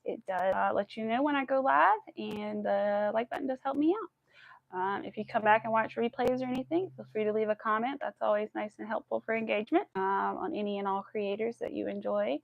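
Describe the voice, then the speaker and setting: A woman's voice: medium pitch, brisk, creaky, narrow, tinny audio. A woman in her thirties hosting a crochet live stream, emotional and near tears, rambling with many fillers. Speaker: crochet livestream host. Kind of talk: casual live stream chat.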